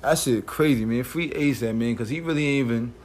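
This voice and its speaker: A New man in casual podcast banter, his voice sitting at an ordinary middle pitch. He jokes around in thick street slang. A faint layer of noise runs under the recording. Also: brisk, darkish tone. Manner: loose, joking, heavy slang. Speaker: podcast co-host.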